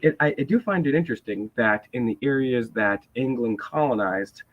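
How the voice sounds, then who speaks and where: A man's voice: medium pitch, expressive, moderate pace, dry recording. A nasal, hyped-up man with a Rhode Island accent hosts a live chat. He rambles, restarts his sentences and piles up asides. The stream audio is dull and lo-fi. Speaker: host.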